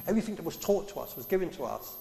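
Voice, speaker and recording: A man delivers a sermon in a conversational, questioning style, pitched a little high. His voice carries through a roomy hall with a long reverb tail. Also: sing-song, very fast, vocal fry, mellow. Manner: conversational, asks the congregation questions. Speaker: preacher. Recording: echoey hall.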